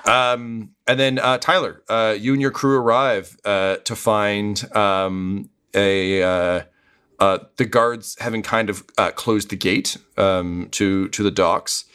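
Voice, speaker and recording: A man's voice: on the low side, fairly even intonation, slow, a bit bright, clear, resonant tone. A man running a tabletop game as game master, hesitant and full of ums.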